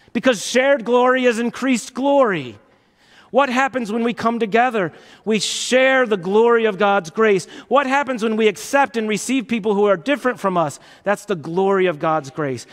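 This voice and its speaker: A man's voice: high voice, lively intonation, moderate pace. A man preaching a sermon as pastor, passionate and emphatic, full of rhetorical questions. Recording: reverberant church hall.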